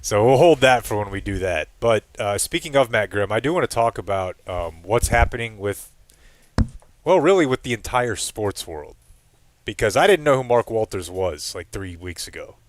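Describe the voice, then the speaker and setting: A man hosting a sports talk show, with a voice pitched a little low. He reads listener mail aloud and chats loosely with his co-hosts, laughing between words. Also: lively intonation, moderate pace. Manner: loose and chatty, laughs mid-sentence. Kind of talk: casual studio banter, reading listener mail aloud.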